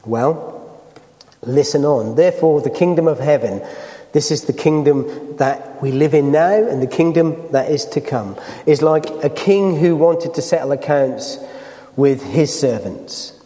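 A man's voice: a little high, a little slow, mellow, long reverb tail. A man preaching a sermon, reading scripture and putting earnest questions to the congregation.

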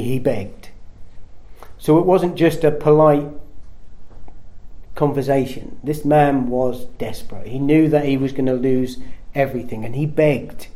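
A man's voice: animated, a little slow, warm tone. A man preaching a sermon in an earnest way, his voice rising at emphatic points. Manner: earnest, rises in pitch and volume at emphatic points.

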